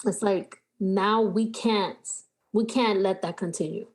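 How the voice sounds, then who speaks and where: A woman's voice: mid-range voice, fairly even intonation, unhurried, a little mellow. Woman, podcast guest, earnest and emphatic, casual. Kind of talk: casual chat.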